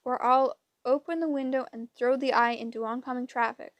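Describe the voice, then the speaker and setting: A woman's voice: high voice, steady tone, brisk, no room sound, close to an everyday voice. A woman voicing a sarcastic teenage boy who talks in a dry, exasperated way in an audiobook.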